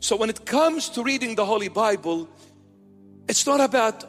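A middle-aged bishop with a high voice preaches a lighthearted sermon, teasing his congregation and playing out both sides of little conversations. His words ring out in a hall with a long reverb. Soft music sits faintly underneath. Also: lively intonation, normal speed. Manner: playful, teasing preaching with mock dialogues.

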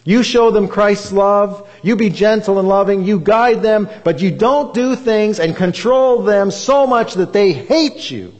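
A man's voice: sits high, a little slow, hardly any pauses, a little mellow. A man preaching a revival sermon, earnest and building to impassioned appeals. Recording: reverberant hall.

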